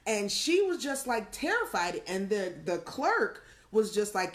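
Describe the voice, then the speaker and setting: A middle-aged woman co-hosting a live online chat show, telling stories in a loose, lively way and slipping into the voices of the people she quotes. Her voice sits in a middle register. The sound has a roomy echo, typical of a video call from home. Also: mid-range voice, measured pace, hardly any pauses. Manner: animated storyteller, acts out quotes. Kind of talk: casual chat, storytelling.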